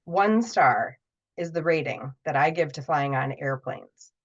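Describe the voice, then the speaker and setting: A woman's voice: sits low, animated, a little slow. Woman telling a personal story, lo-fi. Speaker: podcast guest, storyteller. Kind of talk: conversational storytelling. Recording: muffled lo-fi audio.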